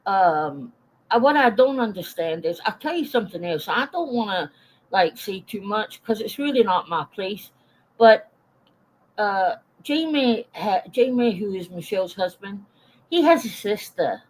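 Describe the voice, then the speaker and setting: A woman's voice: mid-range voice, lively intonation, a little slow, poor audio. A woman in her forties ranting casually on a live stream, swearing bluntly and greeting viewers in the chat between her points. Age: 40s.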